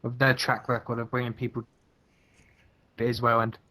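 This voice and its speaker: A man's voice: medium pitch, completely flat delivery, moderate pace, pushed and bright. A young man co-hosting a casual podcast over a voice call, rambling and hesitant as he muses. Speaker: podcast co-host. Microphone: computer mic on a voice call.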